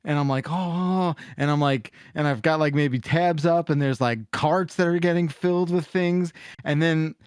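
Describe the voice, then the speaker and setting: A man's voice: on the high side, steady tone, moderate pace, few pauses, smooth, dry recording. Podcast co-host, male, laid-back rambling talk, clean dry sound. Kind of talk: casual chat.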